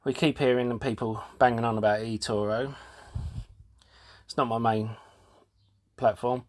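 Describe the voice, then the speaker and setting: A man hosting a casual talk show, explaining things in a halting way with fillers and restarts, and sounding out of breath. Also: mid-range voice, fairly even intonation, a little hiss or hum. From United Kingdom. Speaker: host.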